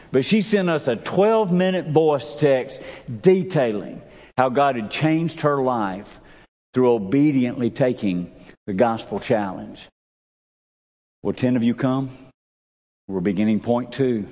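A man preaching a sermon as pastor, emphatic, with big swings in pitch and pace. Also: darkish tone. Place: church sanctuary. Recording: long reverb of a church sanctuary.

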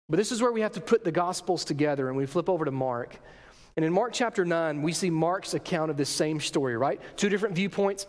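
High-voiced preacher in an echoing hall. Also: male voice. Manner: emphatic, rhetorical questions, dramatic swings in pitch and loudness. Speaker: pastor. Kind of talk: sermon.

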